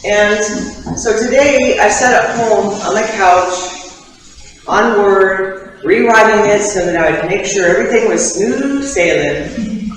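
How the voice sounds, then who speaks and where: A woman's voice: mid-range voice, unhurried. A woman sharing her personal faith testimony with a church congregation, candid and conversational, with ums and laughing asides. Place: church sanctuary. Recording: echoey hall, voice from far off the mic.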